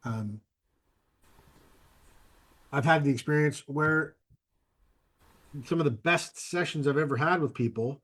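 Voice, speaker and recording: A man's voice: fairly high pitch, slow pace, pauses often, fairly bright tone. A man co-hosting a podcast in casual chat, talking thoughtfully in long winding sentences. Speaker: co-host.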